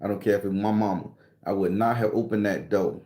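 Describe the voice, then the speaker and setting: A man's voice: fairly low pitch, fairly even intonation, quick pace. Profane man in his forties. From southern Florida. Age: 40s. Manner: loud greetings to viewers, profane slang. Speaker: livestream host. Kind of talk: casual livestream storytelling. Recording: echoey room.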